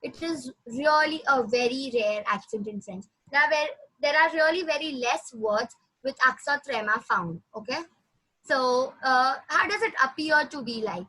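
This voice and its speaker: A woman teaching a language lesson, patiently repeating words slowly for her student. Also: high voice, animated, bright, forceful tone, low-quality recording. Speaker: French teacher.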